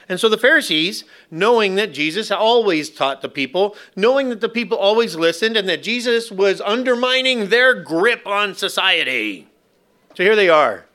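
Bright, high-voiced man preaching. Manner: preaching with slow emphatic phrasing and playful asides. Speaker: pastor. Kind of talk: sermon. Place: church.

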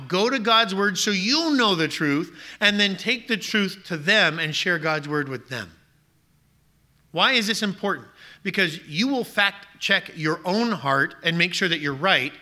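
A man's voice: high-pitched, sharp tone. A pastor preaching a sermon, urging his listeners on with emphatic rhetorical questions.

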